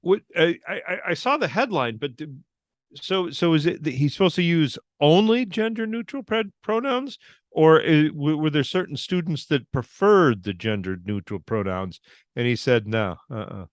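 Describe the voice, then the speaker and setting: A man co-hosting a casual political chat, wry and quick to laugh. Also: fairly high pitch, lively intonation, no room sound, clean studio sound. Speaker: co-host.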